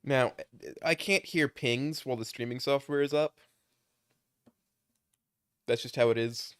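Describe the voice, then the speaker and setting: A young male streamer narrating a game aloud, loose and joking, with casual swearing and asides to his chat. His voice sits at an ordinary pitch, recorded dry and close with no room echo. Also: measured pace, a bit bright, smooth. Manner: joking, swears, chats with viewers. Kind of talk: live game playthrough, reading aloud.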